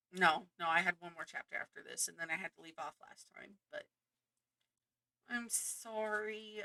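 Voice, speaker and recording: Chatty woman with a gravelly voice. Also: lowish voice, bright, forceful tone, no echo, poor audio. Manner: chatty, greets chat, effusive. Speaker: game streamer. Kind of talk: live stream commentary and reading game text aloud.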